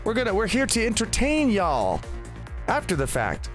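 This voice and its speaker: High-voiced chatty male podcast host. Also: wildly swooping pitch, normal speed, a bit bright, soft background music. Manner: chatty, laughs often, rambling restarts. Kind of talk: casual podcast chat.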